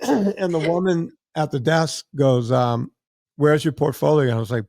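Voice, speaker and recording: A middle-aged man hosting a podcast, telling a lively story and acting out the other people's lines. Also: fairly high pitch, normal speed, creaky, dry recording, studio quality. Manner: animated storyteller acting out quoted voices. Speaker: podcast host. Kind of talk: casual storytelling chat.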